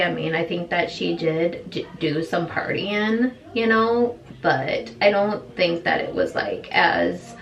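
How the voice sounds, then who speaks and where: A young beauty vlogger chats casually while doing her makeup, retelling a story and acting out the quoted lines. She has a mid-range, fairly bright voice, and the recording sounds slightly distant with faint room noise.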